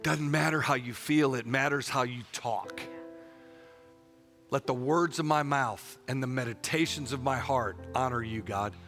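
A man's voice: mid-range voice, measured pace, fairly bright tone, soft background music. A man preaching a passionate sermon, leading the congregation in call-and-response declarations and breaking into joking asides. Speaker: pastor.

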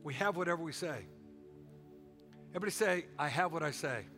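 A man's voice: on the high side, animated, fairly quick, pushed and bright, faint music behind. A middle-aged man preaching a sermon with a folksy, joking and emphatic delivery. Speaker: pastor.

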